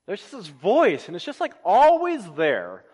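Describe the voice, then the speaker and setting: A man preaching a sermon, swinging between loud emphatic lines and hushed, low phrases. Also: huge pitch swings, unhurried. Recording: long reverb of a large hall.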